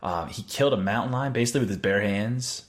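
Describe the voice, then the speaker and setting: A man with a somewhat low voice talks easygoingly on a gaming podcast. He tells stories plainly and drops in dry, teasing remarks. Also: fast talker. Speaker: podcast co-host. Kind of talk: casual chat.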